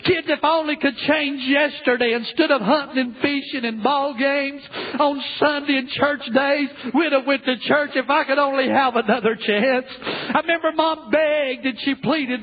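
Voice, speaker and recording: A male preacher playing a regretful father lamenting from hell, with a halting, pleading, mournful delivery. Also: extremely high pitch, steady tone, voice pushed up. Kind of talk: dramatic sermon reading. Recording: tinny lo-fi phone-like recording.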